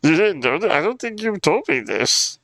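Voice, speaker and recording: A man's voice: high voice, big pitch swings, normal speed, vocal fry, fairly bright tone, dry recording. A young man from Ottawa, chatting casually on a livestream, incredulous and laughing through his words. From Ottawa, Canada. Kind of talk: casual livestream chat reacting to videos.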